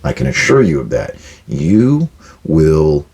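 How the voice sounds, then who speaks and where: Older guy giving blunt boss advice, real low husky voice, acts out the back-and-forth. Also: big pitch swings, slow pace, darkish tone. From United States. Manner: blunt, direct, plainspoken; acts out quoted exchanges with workers. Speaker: podcast host giving management advice.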